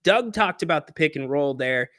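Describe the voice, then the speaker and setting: A man's voice: fairly high pitch, animated, normal speed, a bit bright, no echo, clean studio sound. A man hosting a sports pregame podcast, bantering playfully with callers and the live chat from a hotel room.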